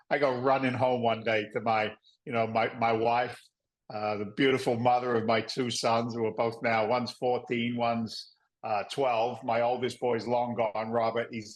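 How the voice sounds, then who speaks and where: A man in his fifties from England, with an English accent tinged by Boston, telling stories as a podcast guest in a lively, joking way. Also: medium pitch, rough recording. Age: 50s. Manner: lively, jokey, acts out voices. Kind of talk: animated interview storytelling.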